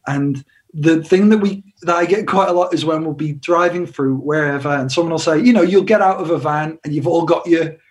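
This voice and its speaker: A man's voice: on the high side, fairly quick. A young English man, a musician, chatting in an interview over a video call, self-deprecating and laughing often. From England. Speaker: musician guest.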